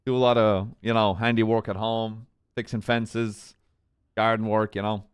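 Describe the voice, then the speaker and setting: A man playing a calm, easygoing sheriff in a role-play game, talking casually with plenty of "you know". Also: on the low side, normal speed, clear, resonant tone, no room sound, close to an everyday voice. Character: laid-back male sheriff. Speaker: sheriff character.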